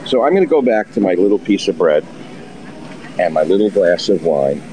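A man's voice: sits low, big pitch swings, normal speed, dark tone. A man in a restaurant delivering a scornful, combative monologue. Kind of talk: ranting monologue. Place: busy restaurant, indoors. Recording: noisy restaurant crowd chatter. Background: restaurant crowd chatter.

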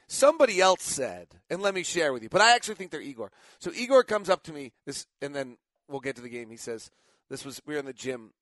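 A tired middle-aged man runs a casual sports talk show, rambling through his stories and stopping to correct himself. His voice sits a little higher than most men's. The recording is dry, with no room sound. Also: fairly bright tone, no echo. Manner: rambling storyteller, frequent self-corrections. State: tired after little sleep.

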